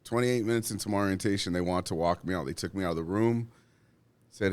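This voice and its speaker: A man's voice: low voice, fast talker. Profane, storytelling union steward man. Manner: profane, animated, acts out quotes. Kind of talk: casual storytelling.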